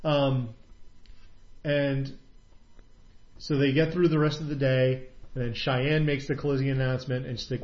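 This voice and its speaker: A man's voice: mid-range voice, little pitch movement, unhurried, pauses often, a little mellow. A man in an easygoing conversation, wandering through a retelling with frequent fillers and restarts. The room is echoey, and the recording sounds dull and lo-fi. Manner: rambling retelling with many fillers, quoting characters. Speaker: podcast co-host recapping a TV episode. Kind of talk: casual chat.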